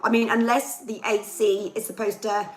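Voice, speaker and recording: Her voice fairly high with little pitch movement, this young livestream host and singer rants to viewers at a moderate pace. She's chatty, reads comments out loud, and sounds chesty and worn on a low-quality recording of a casual live chat.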